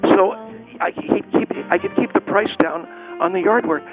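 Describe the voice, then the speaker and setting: A man's voice: sits high, normal speed, soft background music, close to an everyday voice. A man voicing an indignant, rambling male caller who stammers and gets defensive, heard over a tinny phone line.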